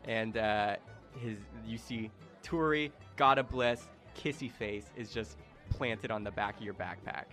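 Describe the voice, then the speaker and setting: A man narrating as game master, relaxed and rambling with fillers. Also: fairly low pitch, measured pace, soft background music.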